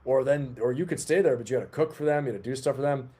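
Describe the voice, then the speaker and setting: Mellow-voiced man hosting a livestream. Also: mid-range voice, fast talker, husky. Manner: rambling, chatty, talks to the chat. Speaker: livestream host. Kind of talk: casual live-stream chat.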